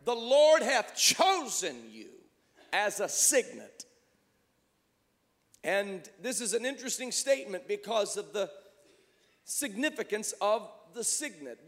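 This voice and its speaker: Male pastor, high tenor, rhythmic fervent sermon delivery, reverberant church sanctuary. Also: a bit bright. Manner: fervent praying, preacher's cadence. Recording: echoey church hall.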